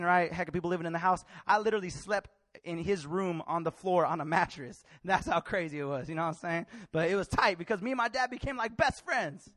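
Young man, preacher, high-pitched, dry, passionate sermon, loud then hushed. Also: no echo. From Mexican family.

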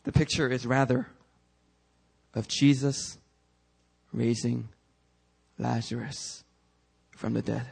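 A male pastor preaching a fervent sermon that rises into shouting, then leading prayer. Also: medium pitch, steady tone, slow pace, creaky, pauses often, slightly rough.

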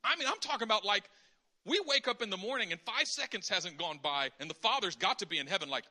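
High, very bright animated male preacher. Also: quick pace. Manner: animated, acts out dialogue in different voices. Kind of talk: sermon.

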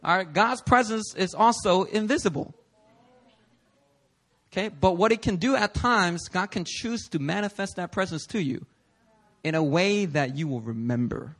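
A male pastor delivering a conversational sermon in a church, animated and prodding the congregation with "okay?" and "right?". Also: high-pitched, moderate pace. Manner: acts out listeners' voices in quotes. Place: church sanctuary.

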